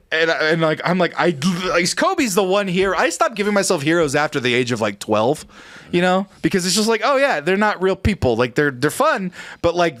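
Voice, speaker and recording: A man's voice: on the high side, a bit bright, no echo. A male podcast co-host, slightly tipsy, telling rambling, profane stories in casual chat on a close mic. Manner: rambling storyteller, swears freely.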